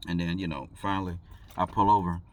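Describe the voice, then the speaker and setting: A man's voice: low voice, steady tone, fast. A man, a truck driver, telling a story in a rambling, casual way and laughing between thoughts.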